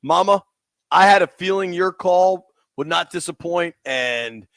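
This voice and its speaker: Sports radio guy, super lively voice, dry close studio mic, rambly and excited. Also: high-pitched, a little slow, gravelly, dry recording. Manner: excited, rambling, laughs easily. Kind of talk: casual sports talk radio.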